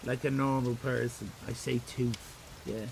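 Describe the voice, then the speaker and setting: A man's voice: mid-range voice, animated, unhurried, gravelly, a little hiss or hum, low-quality recording. A middle-aged Irish man streaming live, rambling and self-mocking in casual chat with his viewers. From Ireland.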